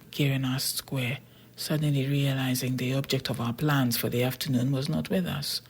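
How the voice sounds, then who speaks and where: An audiobook narrator reading a science fiction story in a steady, plain storytelling manner, often half-whispered. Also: medium pitch, normal speed, breathy edge.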